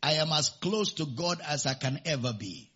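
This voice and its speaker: A man's voice: on the high side, animated, moderate pace, pushed and bright, slightly rough, dull audio. A man preaching a sermon and leading the congregation in call-and-response declarations. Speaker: pastor.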